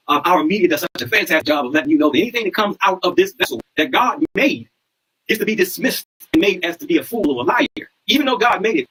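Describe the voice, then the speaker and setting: Fast-talking, bright-voiced preachy man. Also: sits high, breathy edge, rough recording. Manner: preachy, repeats lines, asks listeners if they understand. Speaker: livestream host. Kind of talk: numerology livestream monologue.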